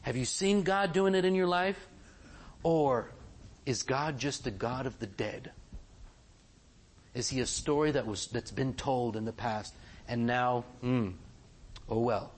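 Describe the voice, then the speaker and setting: A man's voice: medium pitch, a little slow, long pauses. A man preaching a sermon, asking his listeners question after question. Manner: animated, asks the congregation many questions.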